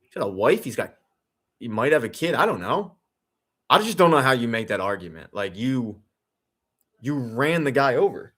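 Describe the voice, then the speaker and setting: A man's voice: medium pitch, sing-song, normal speed, pauses often, a bit bright. A young man hosting a live football watch-along, ranting in a profane, sarcastic way and answering chat comments.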